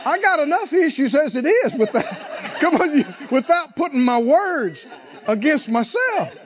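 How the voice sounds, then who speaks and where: Male preacher, high and animated, calls out to the congregation, muffled lo-fi sound. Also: a little slow. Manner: rousing, calls to the congregation, laughs often. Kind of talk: sermon.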